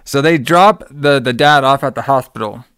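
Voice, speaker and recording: A man recaps a movie for a podcast and throws in constant profanity and silly character voices. His voice is smooth and clear, and it is recorded dry and close. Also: normal speed, a bit bright, dry recording. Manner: profane, joking, acts out characters in a high voice. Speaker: podcast host. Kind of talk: casual movie recap chat.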